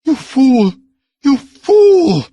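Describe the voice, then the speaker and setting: A woman's voice: sits high, big pitch swings, extremely slow, mellow, no room sound, pitched above the performer's own voice, full character voice. A male audiobook narrator voicing a desperate young noblewoman, crying out in outrage at a cruel uncle. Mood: frantic fury.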